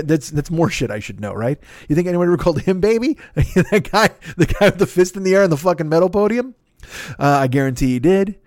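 A man's voice: medium pitch, darkish tone, dry recording, studio quality. A man host riffing through a profane, rambling comedic monologue. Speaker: podcast host.

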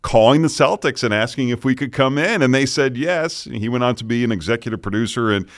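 A middle-aged man from the Boston area, a news anchor telling lively anecdotes with frequent chuckles in a casual podcast. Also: medium pitch, a little fast, no echo, studio quality. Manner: animated anecdotes, chuckling often.

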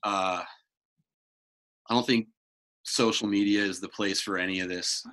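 Male podcast host, bright and forceful tone, earnest and emphatic, recording from a home office. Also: on the low side, fairly even intonation, unhurried. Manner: earnest, emphatic, repetitive declarations. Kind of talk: podcast interview and opening monologue.

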